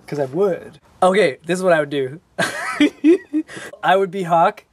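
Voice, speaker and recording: Easygoing young man, slightly high voice. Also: very animated, takes it slowly, no echo. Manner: laid-back, loose, full of "like" fillers. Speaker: dance crew member answering fan questions. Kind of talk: casual Q&A.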